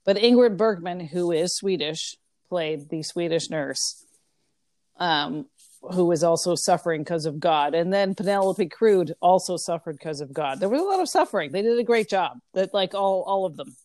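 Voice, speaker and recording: A woman's voice: lowish voice, expressive, normal speed, a little mellow, no room sound, clean studio sound. A woman co-hosting a podcast, talking in a rambling, casual way with plenty of fillers. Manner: rambling, filler-heavy, chatty. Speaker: podcast co-host. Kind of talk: casual chat.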